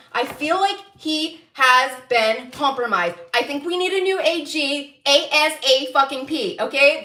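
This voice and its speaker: A high-pitched woman with a bright, sharp tone, doing a livestreamed tarot reading. She vents angrily, swearing freely and breaking into laughter, at an unhurried pace. Her voice rings in an echoey room. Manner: angry, profane venting broken by laughter. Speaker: tarot reader.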